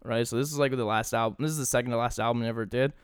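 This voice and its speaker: A man's voice: mid-range voice, fairly even intonation, rapid-fire, smooth, no echo. A young man co-hosting a podcast, chatting casually with enthusiasm and swearing freely. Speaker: podcast co-host. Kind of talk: casual chat.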